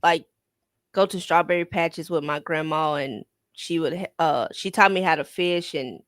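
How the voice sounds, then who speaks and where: A young woman from Memphis, Tennessee with a Memphis accent, chatting casually and soft-spoken on a radio show. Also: low voice, moderate pace, no echo, clean studio sound. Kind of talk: casual chat.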